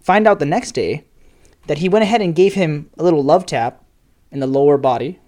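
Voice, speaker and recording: A young man with a fairly high voice co-hosts a casual podcast. He leads the segments and announcements in an upbeat, announcer-like way. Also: fairly quick, a little mellow. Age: young adult. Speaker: podcast co-host. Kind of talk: casual chat.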